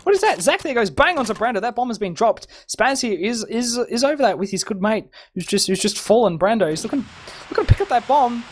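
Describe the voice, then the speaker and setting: A man casting a live shooter match over an internet voice link, excitable, laughing often and tripping over repeated words. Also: very high voice, fairly quick, a little hiss or hum. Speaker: esports caster. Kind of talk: live game commentary. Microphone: home internet voice chat.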